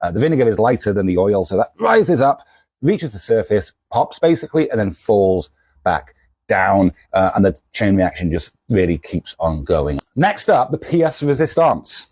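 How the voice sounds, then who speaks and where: Lively, jokey man. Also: on the low side, moderate pace, breathy edge, no room sound. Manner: rambling, self-deprecating and jokey. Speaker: comic shop seller. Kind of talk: casual vlog with a kitchen science demo.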